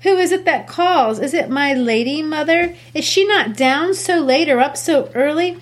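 A woman reading the part of a grieving, guarded young noblewoman, giving the verse an expressive, heightened delivery. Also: sits high, normal speed, pitched above the performer's own voice. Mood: anguished. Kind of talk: classroom read-aloud of a play.

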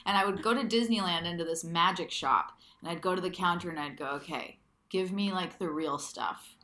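A woman with a fairly low but bright, forceful voice talks bluntly in a casual conversation. She tells stories in an animated way and swears freely. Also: fairly quick.

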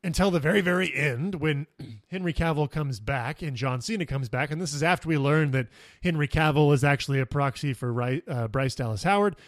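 Excitable man reviewing a movie. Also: a little high, brisk, no echo, studio quality. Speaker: podcast co-host. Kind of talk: casual movie review chat.

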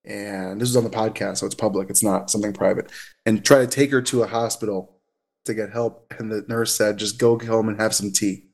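A man's voice: fairly low pitch, a little fast, creaky. Chatty man, podcast guest. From United States. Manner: talkative, animated, frequent fillers and restarts. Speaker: guest therapist. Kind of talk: casual podcast interview.

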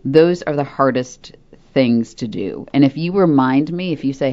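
Woman, middle-aged, low voice, casual chat, self-mocking, slightly muffled sound. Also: normal speed, dark tone. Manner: candid, self-mocking storytelling. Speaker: podcast co-host.

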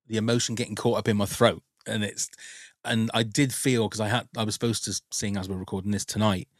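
A man's voice: fairly low pitch, no echo, studio quality. A man hosting a podcast in casual chat, telling personal stories openly and emotionally, with some swearing. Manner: open, emotional storytelling, swears. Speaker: podcast host.

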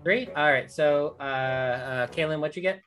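Low-voiced woman running a tabletop game. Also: soft background music. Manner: halting, many fillers and restarts. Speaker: dungeon master.

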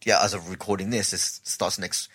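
A male comedian, chatting casually and telling a story with lively acted-out voices. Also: low voice, normal speed, slightly rough. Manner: animated storytelling, acts out quoted voices. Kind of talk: casual podcast chat.

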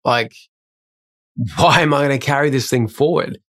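A man's voice: medium pitch, normal speed, fairly bright tone. A man co-hosting a podcast, telling stories in a casual, self-deprecating way. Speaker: podcast co-host. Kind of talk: casual conversation.

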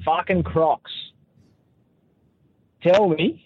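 Crude Aussie caller ranting, higher voice, dull recording with traffic. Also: male voice, extremely slow. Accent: Australian. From New South Wales. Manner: crude, blunt, mocking. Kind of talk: ranting voice message.

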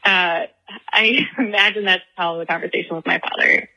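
A woman's voice: on the low side, steady tone, normal speed, sharp tone, low-quality recording. A young woman from the Chicago area leaving a rambling voicemail, telling a story with frequent giggles. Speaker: voicemail caller. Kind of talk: voicemail anecdote.

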